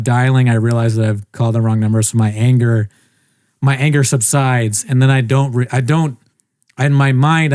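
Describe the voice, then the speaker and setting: Brief: young male podcast co-host, casual storyteller, mid pitch, dead-dry mic. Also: dry recording. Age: young adult. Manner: rambling, animated, mimics others' voices.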